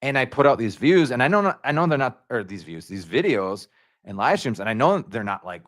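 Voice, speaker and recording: A man hosting a casual livestream, rambling and slangy, jumping up in pitch when he gets excited. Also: fairly quick, no echo, clean studio sound. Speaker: YouTube livestream host.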